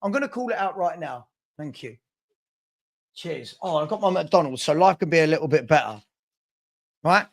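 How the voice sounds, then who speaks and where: A man's voice: fairly high pitch, lively intonation, moderate pace, long pauses. A man hosting a casual football live stream, talking in exasperated bursts with many stumbles and repeated phrases. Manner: exasperated, repetitive, stumbling restarts. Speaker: football channel host.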